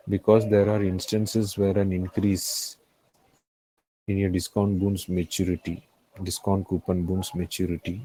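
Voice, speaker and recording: In a live classroom lecture, a finance tutor with an Indian English accent teaches in a low, mellow voice. He repeats key phrases and frequently checks that students are following. The audio quality is poor.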